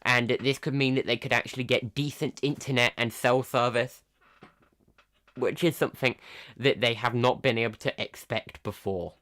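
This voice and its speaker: A man hosting a live tech news roundup in a casual, halting way, full of pauses, ums and restarts. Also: mid-range voice, fairly even intonation, a bit bright. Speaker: tech news livestream host.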